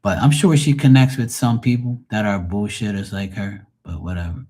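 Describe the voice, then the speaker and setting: Casting note: lower-voiced man hosting a live tarot stream, foul-mouthed and mocking, rambling rant. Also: lively intonation, normal speed, mellow. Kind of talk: ranting live stream chat.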